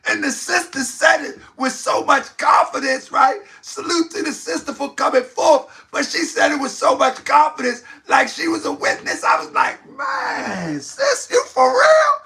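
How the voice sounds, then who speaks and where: A man's voice: very high-pitched, moderate pace, few pauses, pushed and bright. A man hosting a livestream commentary show, talking to his viewers, exclaiming and laughing often. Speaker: host of an online talk channel.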